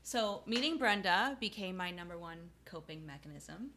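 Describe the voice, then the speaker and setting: A woman's voice: on the low side, animated, moderate pace, sharp tone, slight background noise. A woman from South Florida co-hosting a podcast in casual chat, playful and self-mocking, laughing often. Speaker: podcast co-host.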